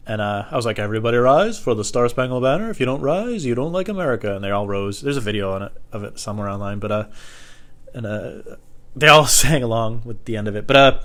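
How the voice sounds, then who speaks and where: A young man, a comedian, rambling in a loose, profane, self-deprecating way, with lots of fillers and sudden loud high voices when he quotes people. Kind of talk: rambling stand-up style monologue.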